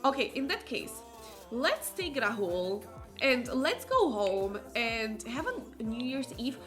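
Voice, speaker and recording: Excitable woman streamer, high lively voice. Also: slow pace, faint music behind. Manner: chatty, excitable, rambling with fillers. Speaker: let's play streamer. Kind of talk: gameplay commentary.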